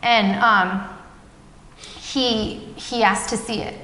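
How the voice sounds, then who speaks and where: A woman's voice: medium pitch, steady tone, extremely slow, bright, forceful tone. A woman guest in a casual interview, telling her story with animation and acting out the dialogue she quotes. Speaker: guest, parent of a child with epilepsy. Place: café. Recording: echoey, reverberant café room with faint background noise.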